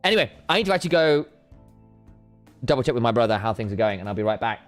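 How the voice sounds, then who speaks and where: Rambling man, lively pitch. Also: fast, faint music behind. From United Kingdom. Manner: rambling, self-interrupting, repeats words. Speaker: esports co-caster. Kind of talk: casual chat to stream chat.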